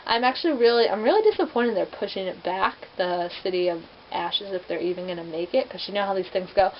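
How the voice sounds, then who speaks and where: A woman's voice: mid-range voice, fast talker. A young woman reviewing movie adaptations in a casual vlog, chatty and rambling, full of "like" fillers. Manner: chatty, rambling, heavy use of "like". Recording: dull lo-fi with faint hiss.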